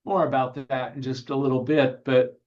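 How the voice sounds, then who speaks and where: A man, a minister, giving a sermon in a gentle, unhurried way, guiding the listeners through breathing and telling light humorous anecdotes. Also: mid-range voice, level tone. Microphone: video call. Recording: dull lo-fi video call audio.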